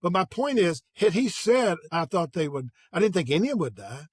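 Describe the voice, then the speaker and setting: An older man with a fairly high voice, recorded dry and close. He tells lively anecdotes in a relaxed interview, acting out the dialogue as he goes. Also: a little fast, breathy edge, no echo. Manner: energetic anecdotes with quoted dialogue. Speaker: guest, sales executive. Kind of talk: conversational interview storytelling.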